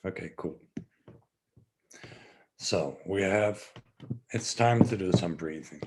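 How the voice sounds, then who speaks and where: Guy walking you through breathing, slow soothing instructions, lowish voice. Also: slight background noise. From Netherlands. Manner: relaxed, rambling, self-joking. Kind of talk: guided breathing session.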